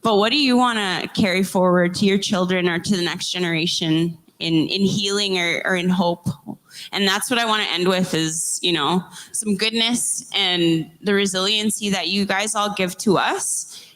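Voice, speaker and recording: A young adult woman hosting a podcast, sharing a heartfelt personal story in an earnest, emotional way, halting and restarting as she speaks. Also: mid-range voice, steady tone, a bit bright. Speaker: podcast host interviewing survivors.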